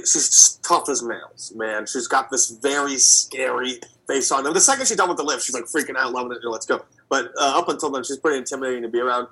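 A man's voice: medium pitch, bright, forceful tone, husky, rough recording. A man in his twenties chatting casually and enthusiastically about powerlifting, rambling with fillers. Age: 20s. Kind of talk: casual sports chat.

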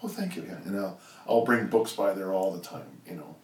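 An older man with a very low voice talks in a loose, rambling way, circling back with "you know" as he tells his stories. He sits back from the mic in an echoey room, with faint ambience behind him. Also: normal speed, darkish tone, far from the mic. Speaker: strength coach and guest. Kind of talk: casual interview storytelling.

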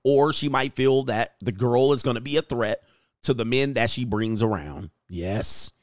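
A man's voice: medium pitch, measured pace, no room sound, studio quality. A man hosting a live stream, reading viewer comments aloud and giving blunt, crude, mocking commentary.

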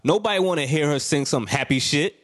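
A man's voice: a little high, animated, brisk. A young man co-hosting a casual podcast chat, laid-back and slangy, teasing his co-host.

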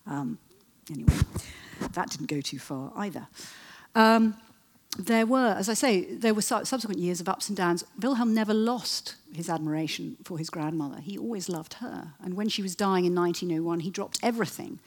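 A woman lectures on history to a live audience, telling it as a lively, digressive story. She pauses for wry asides and leans on frequent "uh"s. Her voice sits low and has a husky grain. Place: talk before an audience.

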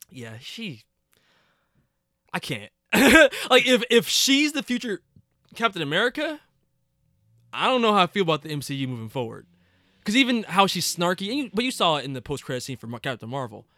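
A young man co-hosting a casual podcast chat, opinionated and animated, swearing and laughing often. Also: medium pitch, fairly quick, no room sound, clean studio sound. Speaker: podcast co-host. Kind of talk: casual chat about superhero movies.

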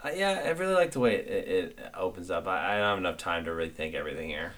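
A man's voice: sits low, lively intonation, quick pace, a bit bright. A young man co-hosting a casual podcast, offhand and joking, hesitating with "uh". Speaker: podcast co-host.

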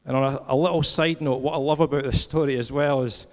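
A man in his forties delivers a sermon in a relaxed, storytelling manner, moving between scripture reading and personal anecdote. His mid-range voice trails off in a long church-hall reverb. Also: mid-range voice, quick pace. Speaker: preacher.

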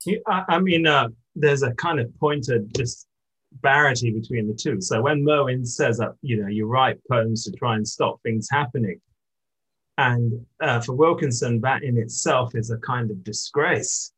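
A poet in conversation, speaking thoughtfully about poetry and pausing to restart his sentences. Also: medium pitch, a bit bright, slightly rough, poor audio. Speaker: poet, interviewee. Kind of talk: reflective literary conversation.

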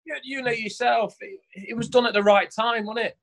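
A man's voice: very high-pitched, fairly even intonation, moderate pace, a bit bright. A man, a former footballer telling stories in casual chat on a podcast and laughing often. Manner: boisterous storyteller, laughing often.

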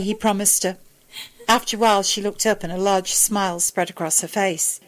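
A woman's voice: medium pitch, fairly even intonation, fairly quick, low-quality recording. Woman narrating a story steadily. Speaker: fan fiction reader. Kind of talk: audiobook narration.

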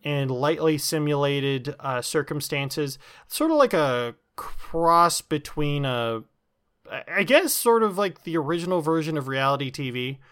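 A man's voice: a little high, lively intonation, unhurried, fairly bright tone, clean tone. A man explaining something at length in a casual comic chat, with plenty of ums and restarts. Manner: rambling explanation with many fillers and restarts.

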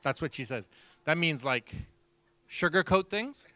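A man preaching, telling a story with lively acted-out dialogue. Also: fairly high pitch, unhurried. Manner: animated storyteller, acts out dialogue. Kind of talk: sermon storytelling.

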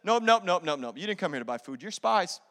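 A man's voice: sits high, big pitch swings, fast talker, a bit bright, pitched below the performer's own voice, heavily acted. A man voicing a stern, suspicious ruler who questions his brothers harshly and curtly. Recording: long hall reverb.

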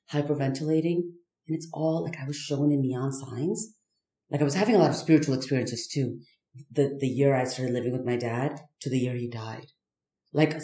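A woman speaking candidly as a podcast guest, halting and searching, with many fillers and restarts. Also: low-pitched, dark tone, reverberant. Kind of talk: candid personal conversation.

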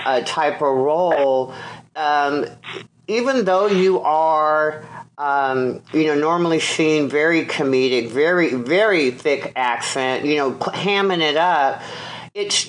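A man's voice: fairly high pitch, a bit bright, poor audio. A man hosting an interview, asking questions hesitantly with many fillers. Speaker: interview host. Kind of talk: interview chat.

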